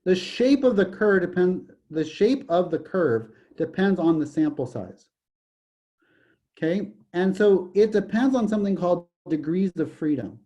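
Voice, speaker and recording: A man's voice: high-pitched, dark tone. A man teaching a college statistics lecture, joking and digressing, often saying "okay" as he explains. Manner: jokey, digressive, repeats "okay". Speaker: college math professor.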